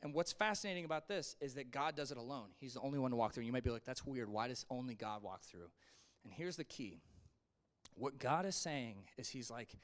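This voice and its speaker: A young man leads a Sunday school class in an easygoing, chatty way. He slips into the voices of the people in the story as he retells it. His pitch sits at an ordinary middle level for a man. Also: lively intonation, brisk. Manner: conversational, acts out the people he quotes. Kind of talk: casual Bible lesson.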